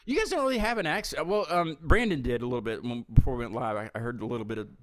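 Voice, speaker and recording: Brief: Southern male host, talks quick, stumbles over his words, dry close sound. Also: medium pitch, a bit bright, dry recording. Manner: rambling, stammers and repeats words. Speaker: host of a live music show. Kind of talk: casual live-stream interview.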